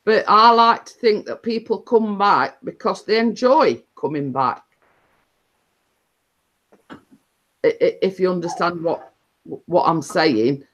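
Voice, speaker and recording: A woman hosting a casual live stream, talking in a rambling, chatty way with many fillers and restarts. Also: lowish voice. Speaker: livestream host.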